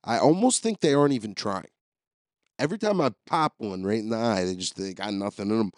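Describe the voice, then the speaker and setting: A man's voice: on the low side, lively intonation, fairly quick, a little mellow, no room sound, studio quality. A man hosting a podcast, telling rambling, profane, jokey stories as a comedic solo monologue. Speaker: podcast host.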